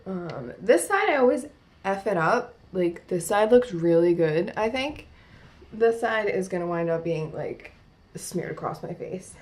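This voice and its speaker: Sitting at home before a mirror, a beauty vlogger, a young New Jersey woman with the accent to match, chats through a makeup tutorial. Her voice is fairly low and darkish in tone, expressive and a little slow, and her rambling talk is full of "like" fillers.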